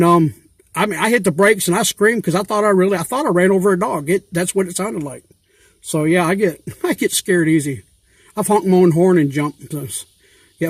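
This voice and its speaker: A man's voice: high-pitched, slightly rough, dry recording. A man talking in a chatty, rambling way with loose everyday grammar, posing questions to a fellow YouTuber. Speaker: YouTuber asking giveaway questions. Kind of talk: casual rambling vlog talk.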